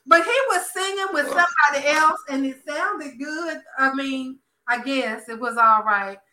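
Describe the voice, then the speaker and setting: A high, bright-toned woman, talking in a loose, casual chat. She is blunt and profane, leaning hard on words for emphasis. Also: a little slow, a little hiss or hum. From American South. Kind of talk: casual chat recapping a soap opera.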